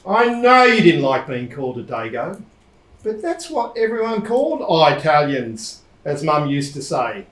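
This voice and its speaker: A man's voice: fairly high pitch, sing-song, a little slow, a bit bright. An actor playing a blunt, teasing older man with an Australian accent on stage. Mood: nostalgic. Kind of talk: stage play acting. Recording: echoey theatre stage.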